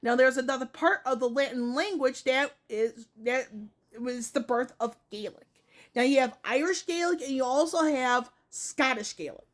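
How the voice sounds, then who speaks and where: Woman, high voice, casual gaming vlog, rambling, self-correcting, lots of fillers. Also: normal speed. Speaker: gaming video host.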